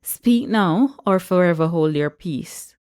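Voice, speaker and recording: A woman's voice: on the low side, expressive, takes it slowly, darkish tone, smooth. A woman reading aloud voices a flustered male pastor with a formal, fussy manner.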